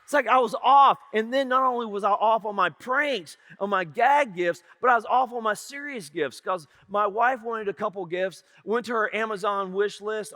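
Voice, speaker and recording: A man's voice: high-pitched, bright, forceful tone. A middle-aged male pastor, telling a humorous story in a church sermon. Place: church sanctuary. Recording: reverberant church hall.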